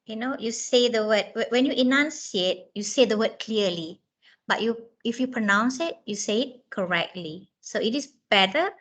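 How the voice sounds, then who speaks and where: A woman's voice: fairly high pitch, fairly bright tone, poor audio. A woman trainer giving a chatty training lecture, with many fillers and restarts, laughing often.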